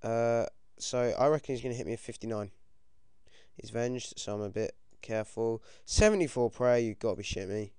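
A British teenage boy giving casual, excitable commentary over his own game, swearing often and yelping when things go wrong. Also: lowish voice, a little fast, clear, resonant tone, dry recording, clean studio sound. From United Kingdom. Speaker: gaming commentator.

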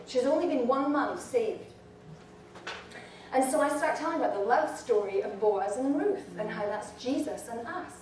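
Fervent high-voiced woman preacher, echoey hall. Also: animated, normal speed. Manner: fervent, shouting at peaks then dropping low. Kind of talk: sermon to women. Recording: echoey hall from far off, faint noise.

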